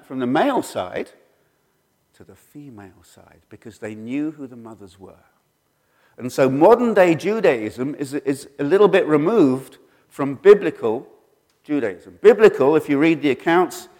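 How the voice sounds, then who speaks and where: Middle-aged man telling his testimony, hall echo. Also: on the high side. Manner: earnest storytelling with lively quoted voices. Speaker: speaker sharing his testimony. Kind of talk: personal testimony. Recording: long hall reverb.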